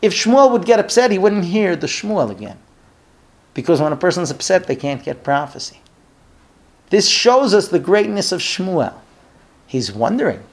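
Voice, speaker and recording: A man with a somewhat high voice teaches a Bible lesson as a story. He acts out the characters' lines and turns to his listeners with questions. He sometimes halts and repeats words while he thinks. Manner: storytelling with acted-out dialogue, asks listeners questions. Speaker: Torah teacher.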